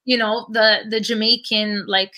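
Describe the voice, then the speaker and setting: A woman's voice: fairly high pitch, measured pace. A woman from Toronto, a podcast guest chatting casually and telling stories animatedly, full of "like" fillers. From Toronto, Canada. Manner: animated storyteller, many "like" fillers. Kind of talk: casual conversation.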